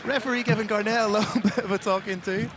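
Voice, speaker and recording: Guy calling an mma fight, kinda higher voice, explains the tactics, loud crowd roaring behind him. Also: steady tone, quick pace, background noise. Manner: analytical, explains technique and tactics. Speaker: MMA commentator. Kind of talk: live fight commentary. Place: open-air arena event.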